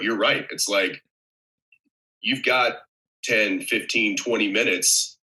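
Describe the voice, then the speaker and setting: A man with a very low voice and a sharp, forceful edge to it, talking as a podcast guest. He explains at length, circling back with fillers and restarts as he works through his thoughts. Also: rough recording. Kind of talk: casual chat.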